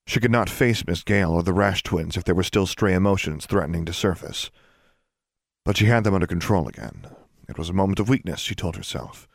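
A man narrating an audiobook in a steady, measured reading voice. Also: low-pitched, no echo, studio quality.

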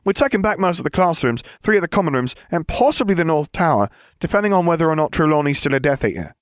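A man reading aloud and voicing a bold, cheerful young girl in a very high, chirpy voice. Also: sing-song, fast talker, dry recording, clean studio sound. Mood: upbeat.

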